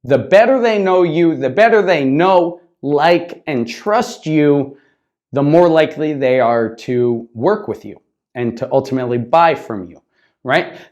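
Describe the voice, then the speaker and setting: Guy teaching business english on camera, kinda high voice, keeps saying "right?", slips into a bit of spanish now and then. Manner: conversational, repeats "right?" often; speaks English with brief Spanish asides.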